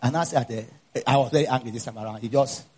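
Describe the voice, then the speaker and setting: A man with a Nigerian accent, a pastor mixing a personal story into his sermon, dropping low for asides and rising loud to preach. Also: fast, husky.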